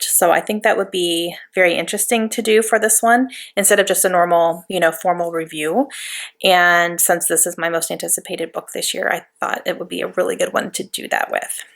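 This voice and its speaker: A woman vlogging about a new book at home, gushing and bubbling over with excitement. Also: fairly low pitch. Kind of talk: excited casual vlog. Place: home couch.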